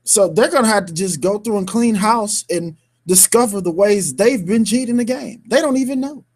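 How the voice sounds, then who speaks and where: A man's voice: high-pitched, normal speed. A man co-hosting a sports radio show, ranting heatedly in slang-filled talk with bursts of laughter.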